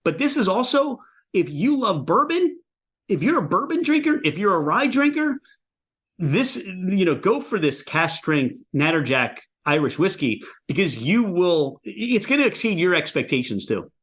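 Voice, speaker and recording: Animated enthusiastic male podcast host. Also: sits high, normal speed. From Pennsylvania, USA. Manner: enthusiastic, animated tasting talk. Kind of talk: casual interview chat.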